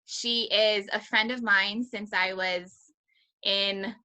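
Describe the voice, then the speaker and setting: A woman from Hawaii hosts a team video call. Her voice is bright and bubbly, and she talks in an excited, gushing way and laughs often. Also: mid-range voice, slow pace. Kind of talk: introducing a guest on a call.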